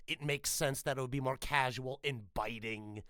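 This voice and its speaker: This is a man hosting a casual podcast interview, talking in an animated, profane, joke-filled way. His voice is bright and forceful, and it sits dry and close to the mic. He stumbles through restarts as he rushes ahead. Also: mid-range voice, no echo. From United States. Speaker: podcast host.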